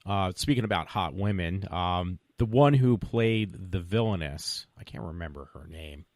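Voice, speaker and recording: Lively-voiced man, hesitant and dry. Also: deep voice, normal speed, no echo. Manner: hesitant, trailing off with fillers. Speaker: guest. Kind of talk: casual chat.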